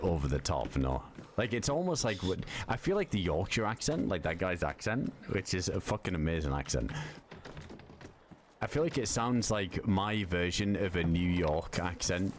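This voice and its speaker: Laid-back male game streamer, very deep voice, rambling and restarting sentences, steady noise behind him. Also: normal speed. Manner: rambling, filler-heavy, swears casually. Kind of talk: casual gaming livestream chat. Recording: constant background noise.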